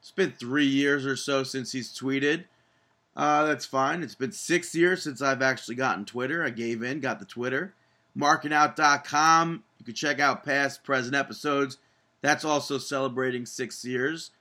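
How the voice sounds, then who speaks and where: A man's voice: medium pitch, steady tone, moderate pace, bright, forceful tone. A man hosting a wrestling podcast, chatting casually and upbeat, laughing easily. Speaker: podcast host. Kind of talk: casual chat.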